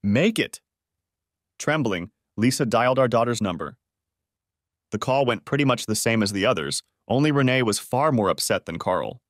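A man narrating a first-person story in an expressive, measured audiobook reading. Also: medium pitch, no room sound, clean studio sound.

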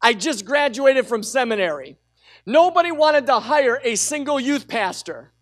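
A middle-aged man preaching a sermon as pastor, telling a personal story with lively energy and urging the congregation to call out. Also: very high voice, moderate pace. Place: church sanctuary with a congregation.

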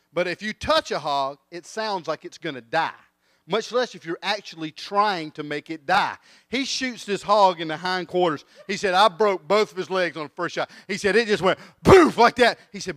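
A middle-aged man, preaching a sermon in a church and telling a funny story in an animated way, acting out the voices. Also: high voice, normal speed, no room sound, clean studio sound. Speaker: guest preacher.

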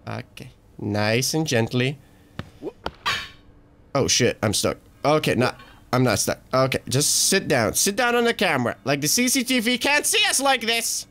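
A man giving let's play commentary who keeps losing his patience, swearing and shouting at the game, then talking himself down. His voice swings widely up and down, with faint noise behind it. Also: on the high side, very animated, normal speed. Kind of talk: gaming commentary.

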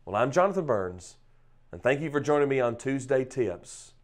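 A man giving a short devotional talk on scripture, emphatic, with pauses and swells in loudness. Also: mid-range voice, expressive. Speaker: preacher.

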